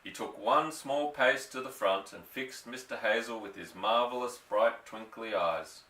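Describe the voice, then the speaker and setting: A man narrating a children's story in an expressive, measured reading. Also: mid-range voice. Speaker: audiobook narrator. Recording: roomy, from a distance.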